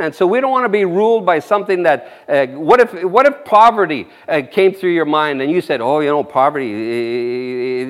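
Folksy high-voiced preacher man. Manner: rambling, folksy, frequent amens and chuckles. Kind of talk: informal sermon.

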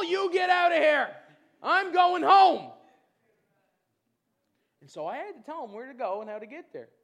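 Lively high-voiced man telling a testimony. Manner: animated storytelling, acting out other people's voices. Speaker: pastor. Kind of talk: testimony in a church sermon.

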